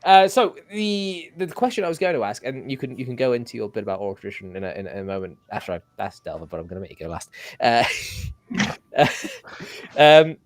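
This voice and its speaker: A man's voice: medium pitch, sing-song, a little fast, no echo. A man hosting his own livestream in casual chat, playfully keeping his guests in order. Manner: playful, bossy moderator. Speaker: livestream host.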